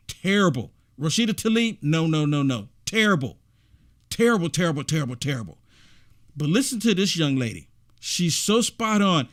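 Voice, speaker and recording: A man giving emphatic, repetitive reaction commentary on a video clip. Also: fairly high pitch.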